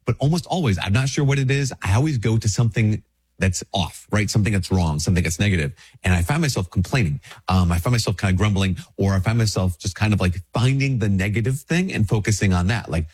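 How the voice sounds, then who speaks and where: Husky low-voiced priest with a cold. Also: male voice, quick pace, darkish tone. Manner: conversational, acts out little dialogues, repeats words. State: sick with a stuffy nose. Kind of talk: casual spoken reflection.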